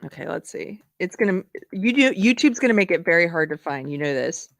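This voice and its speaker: Woman, livestream host, casual chatty talk, lowish voice, dry close mic. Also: animated, brisk, vocal fry, no room sound. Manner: chatty, laughs often, reads chat aloud. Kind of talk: casual live commentary.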